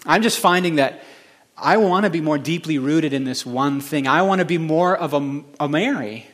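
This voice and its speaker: A male pastor giving a conversational sermon that swings between quiet, reflective passages and emphatic building moments. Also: on the high side, normal speed.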